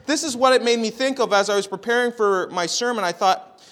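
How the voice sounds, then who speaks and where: In church, a thirties-aged pastor with a very high-pitched voice delivers a brisk sermon full of stories. His volume rises and falls dramatically, he frequently repeats words when restarting, and there's a slight hiss or hum on the recording.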